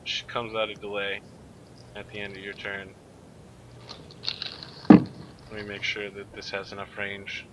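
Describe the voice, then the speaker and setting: A man acting as game master, calmly narrating and making rules calls with dry asides. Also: fairly low pitch, unhurried, long pauses, heavy background noise. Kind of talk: running a tabletop game.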